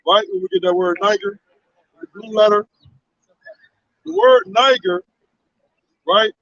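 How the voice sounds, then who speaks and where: A man's voice: high voice, a little slow, pauses often, fairly bright tone, no room sound. A man reading and explaining scripture in a conversational way, often checking in with "you know?" and "right?". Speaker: scripture reader. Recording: dry, dull lo-fi recording.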